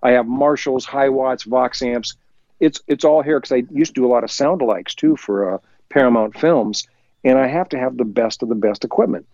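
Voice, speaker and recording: Man spinning a lively studio anecdote. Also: mid-range voice, dry recording, highs cut off. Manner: lively, acts out quoted voices, chuckles while telling; talks faster when excited. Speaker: musician guest. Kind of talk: anecdotal storytelling in an interview. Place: home recording studio.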